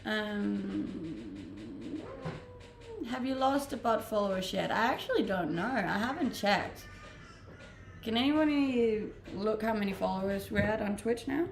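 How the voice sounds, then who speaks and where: A young woman with a Danish accent talks easily to her livestream viewers. She answers their questions and laughs often. Her voice has a gravelly fry and sits in an echoey room with a faint ambient hum. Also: mid-range voice, big pitch swings, measured pace. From Denmark. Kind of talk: casual chat reading viewer messages.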